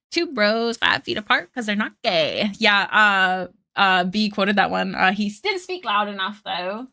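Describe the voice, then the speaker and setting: Bright-voiced woman streamer chatting while drawing. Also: medium pitch, sing-song, slow pace, no echo. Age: 30s. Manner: rambling, laughs often, quotes memes in put-on voices. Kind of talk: casual livestream chat while drawing.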